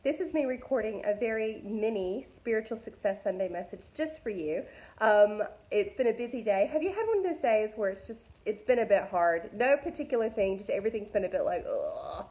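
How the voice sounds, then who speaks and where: A woman's voice: mid-range voice, expressive, a little fast, darkish tone. A woman, a mother, giving a casual devotional message to women, chatty and candid with many fillers, speaking straight to her listeners. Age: adult mother. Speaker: faith vlogger speaking to women.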